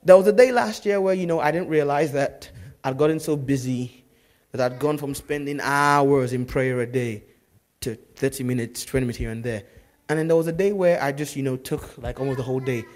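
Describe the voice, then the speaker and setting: A man preaching a sermon as pastor, telling stories in a lively way that swings from loud to hushed. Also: mid-range voice, brisk.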